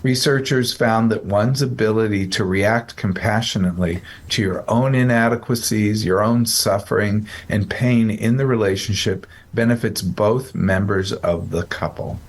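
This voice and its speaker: A man's voice: lowish voice, normal speed, hardly any pauses. A man hosting a casual psychology podcast, explaining a study in a rambling, self-correcting, joking way. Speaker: psychologist host.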